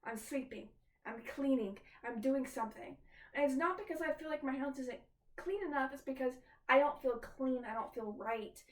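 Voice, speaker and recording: A woman's voice: high voice, normal speed, distant mic. A woman vlogging casually from her kitchen, talking candidly and swearing freely as she speaks straight to her viewers. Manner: candid, swears often, talks to viewers directly. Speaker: tarot vlogger. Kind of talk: casual confessional vlog. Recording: roomy echo, off-mic.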